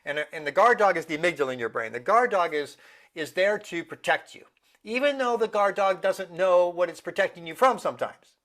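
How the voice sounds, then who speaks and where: A man's voice: high-pitched, lively intonation, fairly quick, fairly bright tone. A middle-aged man speaking earnestly in a casual interview, now and then acting out the voices of people he quotes. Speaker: guest, meditation teacher.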